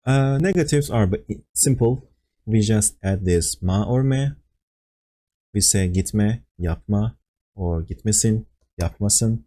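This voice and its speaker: With a warm, lowish voice, a Turkish teacher takes his time and speaks expressively during a language lesson on a Discord voice call. He explains patiently, uses fillers, and acts out example phrases.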